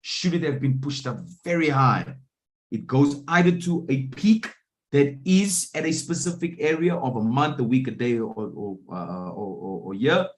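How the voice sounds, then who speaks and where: A man coaching a live online trading room, often pausing to ask whether his listeners are following. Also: mid-range voice, animated. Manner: keeps checking in with listeners. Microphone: video call.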